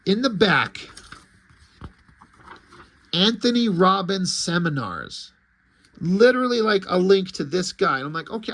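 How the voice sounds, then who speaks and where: A man's voice: sits high, fairly bright tone. A man reviewing a comic in a casual vlog, ranting in disbelief and swearing freely. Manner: incredulous, profane ranting.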